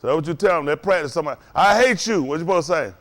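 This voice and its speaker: A man with a fairly high voice preaches a loose, conversational sermon at a very fast clip. He chuckles often and keeps asking the congregation, "ain't that right?"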